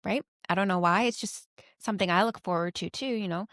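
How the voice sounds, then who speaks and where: Brief: woman in her thirties, podcast co-host, animated storyteller, mid-pitched voice, close dry recording. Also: a little fast, no room sound. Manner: lively storytelling, laughing often. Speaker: mother. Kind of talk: casual chat.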